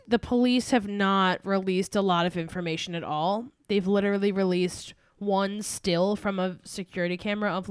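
A woman's voice: mid-range voice, fairly bright tone, clean tone, no echo, clean studio sound. A young woman co-hosting a casual true-crime podcast, telling the case and drifting into chatty asides. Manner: chatty, recounts case facts then breaks into asides and giggles.

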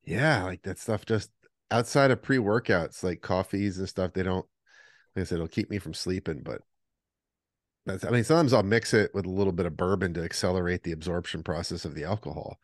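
A man with a lowish voice tells lively, animated stories in casual podcast chat. The sound is dry and close, with little room. He acts out the other people in his stories. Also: fairly quick, dry recording. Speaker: podcast co-host.

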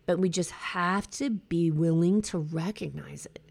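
A woman's voice: on the low side, a little slow, vocal fry, darkish tone. A middle-aged woman hosting a podcast, speaking frankly and reflectively in a conversational way. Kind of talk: candid personal talk.

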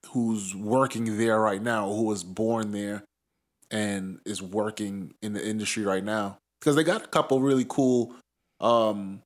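A man talking in a casual podcast chat, rambling and profane, often laughing mid-sentence. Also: fairly low pitch.

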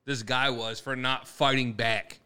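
A man's voice: mid-range voice, fairly even intonation, measured pace, bright, forceful tone, clean tone. A man co-hosting a podcast in casual chat, swearing freely and restarting his sentences as he argues a point. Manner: casual, profane, loose restarts while arguing a point. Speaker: podcast co-host.

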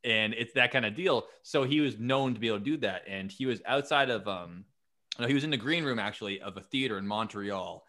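Animated storytelling man, podcast host. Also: fairly low pitch, brisk. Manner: animated storytelling, swears, acts out quotes. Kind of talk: casual chat.

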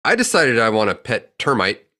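Middle-aged man, very animated pitch, bright timbre, deadpan joke delivery. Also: normal speed. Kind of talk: casual chat.

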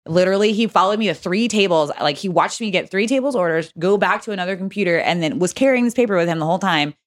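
A young woman guesting on a podcast races through a workplace story, swearing freely and leaning on filler words. Her voice is on the lower side for a woman, and she keeps it easygoing, lively, and animated.

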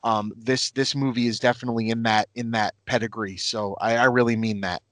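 A man's voice: mid-range voice, fairly even intonation, brisk, a bit bright, no room sound. A man hosting a podcast, from north of Boston, chatting casually and enthusiastically, with a rambling, self-deprecating manner. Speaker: podcast host.

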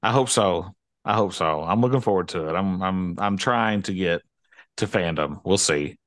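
A man's voice: sits low, normal speed, no room sound, clean studio sound. A man co-hosting a casual podcast, joking around and playing innocent when teased. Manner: jokey, playfully defensive. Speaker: podcast co-host. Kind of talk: casual chat.

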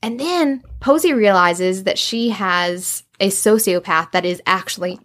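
A woman's voice: mid-range voice, measured pace, a bit bright. A woman in casual conversation, animatedly retelling a story, acting out quoted lines and swearing freely. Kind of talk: casual book discussion.

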